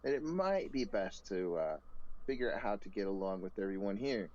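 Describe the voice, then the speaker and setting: A stern adventurer giving firm, lecturing advice, as a man plays him. The voice sits low, with lively swings in pitch and a slightly dull sound. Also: moderate pace, lightly acted.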